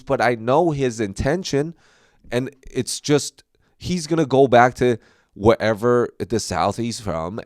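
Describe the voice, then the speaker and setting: A young male comedian talks through a loose podcast monologue, stacking fillers and restarts as he thinks aloud. His voice is smooth and clear at an ordinary pitch. The sound is dry and close. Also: no echo. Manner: rambling, filler-heavy, animated storytelling.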